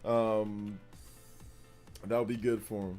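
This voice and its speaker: A man's voice: fairly low pitch, little pitch movement, extremely slow, faint music behind. A man in his forties hosting a gaming livestream, chatting casually in a blunt, rambling way that repeats itself.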